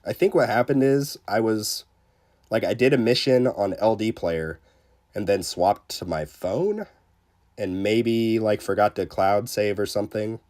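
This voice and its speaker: Man, lowish voice, live game streamer, chatty, filler-heavy, excitable, self-deprecating. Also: measured pace. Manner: chatty, many fillers, greets chat viewers. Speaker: livestreamer. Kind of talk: casual live gameplay commentary.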